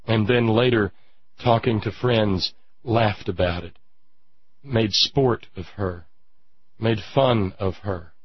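A man delivering an impassioned political monologue as a radio commentator, indignant, with drawn-out emphatic pauses. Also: fairly low pitch, husky, dull audio.

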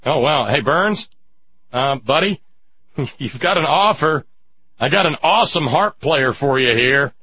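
A man's voice: fairly high pitch, expressive, measured pace, husky, no echo. A man hosting political talk radio, emphatic and sarcastic, chatting with listeners through a dull lo-fi radio recording. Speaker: radio talk show host.

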